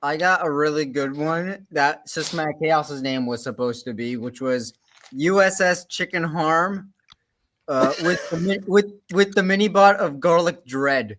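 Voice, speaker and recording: A man's voice: on the high side, a little slow, fairly bright tone. A man on a video call chatting eagerly about robot combat, often restarting his sentences. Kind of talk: casual livestream chat.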